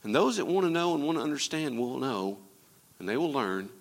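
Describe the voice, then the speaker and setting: A man preaching a sermon as pastor, swinging between loud emphatic lines and quiet, low asides. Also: big pitch swings, a little fast, creaky, long reverb tail. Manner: preaching with sweeping rises and drops in pitch and loudness.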